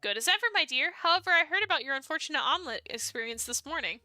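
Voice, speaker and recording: A woman's voice: high-pitched, animated, racing, no echo, studio quality, soft background music, exaggerated voice. Woman voicing a kind old cafe owner. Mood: welcoming. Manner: warm, courteous.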